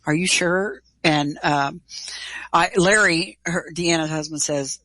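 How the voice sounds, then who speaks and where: A middle-aged woman telling a personal story in an interview, animated and casual, acting out quoted dialogue. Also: on the low side, takes it slowly, no echo, low-quality recording. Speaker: guest.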